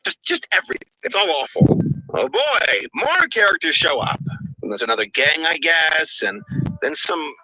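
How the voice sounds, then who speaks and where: A man's voice: on the high side, very animated, normal speed, bright, forceful tone, dry recording, rough recording. A man narrating a comedic movie review in a sarcastic, exasperated way. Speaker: video reviewer.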